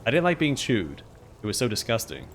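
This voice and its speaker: A man's voice: mid-range voice, huge pitch swings, fairly quick, a little hiss or hum. A man voicing a petulant female fecal demon queen who whines and boasts like a spoiled princess. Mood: petulant whining. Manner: whining, smug, self-pitying.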